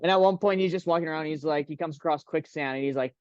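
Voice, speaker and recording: A man's voice: fairly high pitch, fast talker, hardly any pauses, clear, resonant tone, no room sound. Canadian man, rambling storyteller, dull dry lo-fi mic. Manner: rambling, laughing. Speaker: podcast co-host. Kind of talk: casual storytelling.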